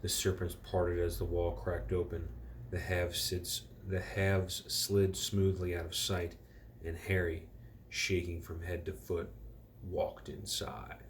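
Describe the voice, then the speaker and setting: A man reading a storybook aloud to children in a relaxed way, stopping now and then to correct himself and reread. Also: low-pitched, slow, a little hiss or hum.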